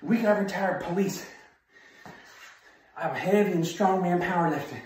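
Guy coaching self defense, barks short punchy lines, kinda high voice, heard from far off in a really echoey room. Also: normal speed, a little mellow, a little hiss or hum. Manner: punchy, emphatic, barked short phrases. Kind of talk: motivational training talk.

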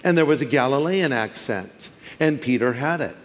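A man from California preaching a sermon as pastor, animated and humorous, acting out voices in his stories. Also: medium pitch, normal speed. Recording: long reverb of a large hall.

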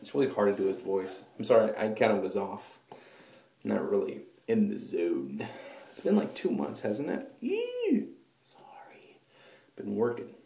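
A man's voice: lowish voice, lively intonation, moderate pace, vocal fry, dark tone. A man vlogging in a goofy, self-mocking way, recorded in a bathroom. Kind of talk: rambling comic vlog. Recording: echoey bathroom.

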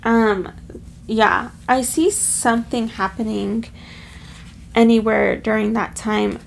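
A woman with a somewhat high voice and a strong vocal fry gives a tarot card reading straight to her viewers. She speaks with heartfelt emotion, slightly choked up, and calls them her loves. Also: steady tone, slow pace, a little hiss or hum. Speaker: tarot reader.

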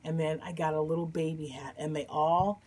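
Chatty husky woman crafting vlogger. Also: low voice, level tone, brisk, darkish tone. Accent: Midwestern American. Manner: chatty, rambling, enthusiastic. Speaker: crochet podcast host. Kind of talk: casual chat. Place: home room.

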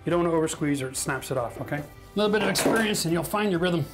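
A man's voice: fairly high pitch, lively intonation, rapid-fire, music in the background. A man with a chatty, self-mocking manner who laughs often, teaching a casual DIY tiling tutorial on a bathroom job site. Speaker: renovation instructor.

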